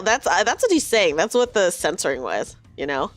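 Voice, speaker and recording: Brief: young woman streamer, lively, slightly high voice, dry close sound. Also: normal speed, few pauses, no echo, faint music behind. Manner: chatty, giggly, reads game lines aloud. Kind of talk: casual game commentary.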